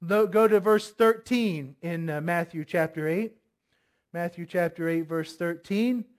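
Male pastor, high voice, preaches conversationally, fires questions at the congregation. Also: a little slow. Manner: asks the congregation many questions; reads scripture aloud, voicing commands forcefully. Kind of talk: sermon.

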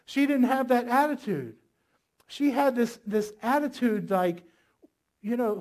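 Preacher giving a sermon, big emphatic delivery, lots of rhetorical questions, mid pitch. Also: lively intonation, measured pace, darkish tone. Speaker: pastor.

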